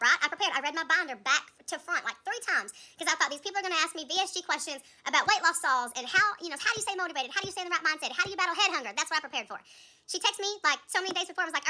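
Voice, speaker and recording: A woman's voice: extremely high pitch, bright, forceful tone. A woman telling an emotional story in an emphatic, fired-up rant, repeating her points. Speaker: TikTok creator in a played clip.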